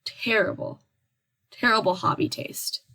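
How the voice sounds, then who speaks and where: A woman's voice: measured pace, sharp tone, low-quality recording. A young woman co-hosting a podcast, teasing her friend in a dry, casual chat. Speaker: podcast co-host.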